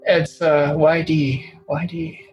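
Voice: mid-range voice, flat delivery, slow, darkish tone, husky, faint music behind, poor audio. Easygoing podcast guest. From Southern US. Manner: easygoing, puzzled guessing. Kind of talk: casual chat.

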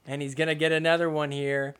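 A young man with a fairly high voice hosts a casual sports podcast. He talks through the match in an offhand, joking way. Every so often he drops into mock quotes that poke fun at the players. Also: flat delivery, fast talker, a bit bright, clean tone. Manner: sarcastic, jokey, voices players' imagined thoughts. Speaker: podcast host. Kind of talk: casual sports recap commentary.

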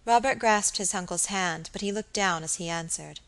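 A woman narrating a Victorian novel as an audiobook, in a measured storytelling manner. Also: on the low side.

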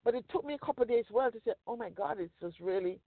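A speaker from Jamaica with a Jamaican accent, telling stories in an animated way with frequent restarts. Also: mid-range voice, very fast, dry recording. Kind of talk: casual podcast conversation. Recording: tinny phone-line recording, dry.

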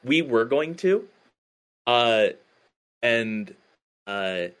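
A man's voice: medium pitch, expressive, very slow, fairly bright tone, clear, resonant tone. A man chatting as a podcast guest about his band, talking hesitantly with many fillers and restarts. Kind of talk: casual interview chat.

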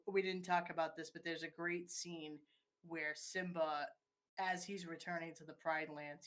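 A woman's voice: lowish voice, a bit bright. A woman in casual conversation, walking through a film scene step by step and acting out its quoted lines.

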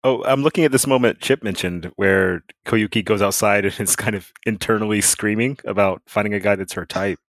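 A man in casual conversation about a book, enthusiastic and speeding up when excited. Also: on the low side, a little fast, gravelly, few pauses, no echo.

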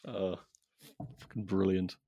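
A man hosting a podcast, talking in a relaxed, rambling way with many restarts. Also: sits low, takes it slowly, dry recording, clean studio sound. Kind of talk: casual podcast chat.

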